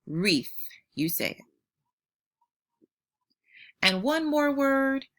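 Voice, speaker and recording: Warm-hearted woman teacher, bright lively delivery, slow clear modeling of sounds for young kids. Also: high voice. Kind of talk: phonics lesson for young children.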